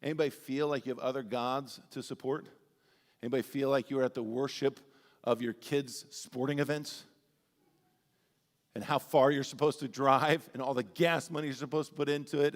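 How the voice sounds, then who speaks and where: A man preaching a sermon as pastor, telling animated, humorous stories with big swings in his voice. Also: medium pitch. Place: church sanctuary. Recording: long church-hall reverb.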